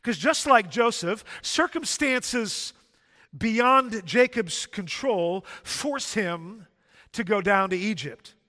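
A man's voice: high-pitched, lively intonation, takes it slowly, pushed and bright. A man preaching a sermon, building emphatic points through repetition. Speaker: pastor. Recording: long hall reverb.

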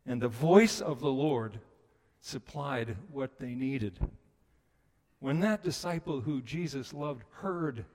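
A man preaching a sermon, moving between hushed passages and loud, emphatic ones. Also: medium pitch, animated, slow pace. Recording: long reverb of a large hall.

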